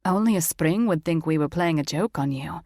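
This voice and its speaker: A woman's voice: sits low, moderate pace, warm tone, no echo. Woman voicing a playful young guy, sing-song, dry read. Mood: teasing. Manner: sing-song, laughing lightly. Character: playful teasing young man, light-hearted.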